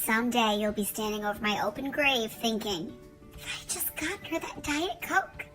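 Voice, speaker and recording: A shrill, exasperated mother hollers at her kids in a high, bright, piercing voice, as a woman acts her out. She scolds and nags at full volume, with a sharp edge to every word. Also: expressive, moderate pace, soft background music. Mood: guilt-tripping. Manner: shrill, shouting. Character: exasperated yelling mother, middle-aged woman.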